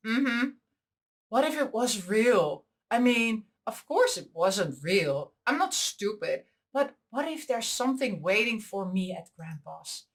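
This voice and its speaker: A woman reading a visual novel aloud, with giggly, excitable asides between the lines. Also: mid-range voice. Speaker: visual novel let's player. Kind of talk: reading a game aloud with reactions.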